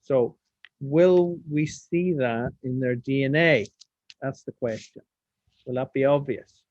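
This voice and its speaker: A man teaches a science lesson on a video call, casual in manner and asking questions as he works through a hands-on demonstration. His voice sits at a middle pitch. The sound is dull and lo-fi and close and dry, from a webcam mic. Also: slow pace, a little mellow, dry recording. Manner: casual, talks while demonstrating, asks the class questions.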